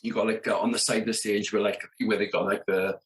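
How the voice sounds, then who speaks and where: A man's voice: lowish voice, level tone, fast talker. A South Welsh man in his thirties, a rock drummer telling tour stories as a podcast guest, acting out the dialogue with lots of "you know what I mean". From Wales, Merthyr Tydfil area. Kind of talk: casual storytelling.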